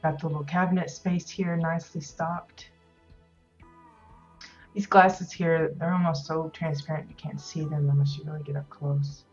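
Low-voiced woman, casual rambling commentary. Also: flat delivery, moderate pace, a little mellow, lo-fi sound, soft background music. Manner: rambling, many ums and restarts. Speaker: host touring player houses in a game.

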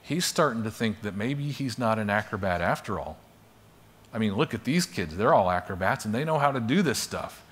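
A man's voice: on the low side, lively intonation, normal speed, a bit bright, breathy edge. A man teaching a class by telling a parable in a conversational storytelling manner. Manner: conversational storyteller, acts out quotes. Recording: long hall reverb.

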